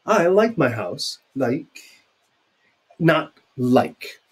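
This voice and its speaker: A man with a slightly husky voice, pitched a bit high, teaches sign language in a video lecture. His pitch rises and falls a lot as he explains, and he keeps it chatty with fillers and side remarks. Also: very animated, drawn-out words.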